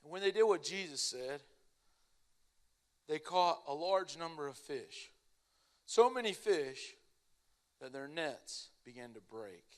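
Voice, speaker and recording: A young man preaching a casual, animated sermon, telling stories in an everyday way. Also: a little high, takes it slowly, long pauses. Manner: animated, casual storytelling with lots of "like".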